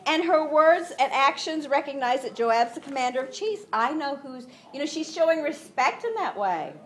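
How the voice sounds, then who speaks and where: Aussie woman preaching, high voice that swoops all over, acts out the story. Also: moderate pace. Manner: animated storytelling, acts out voices, laughs often. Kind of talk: sermon.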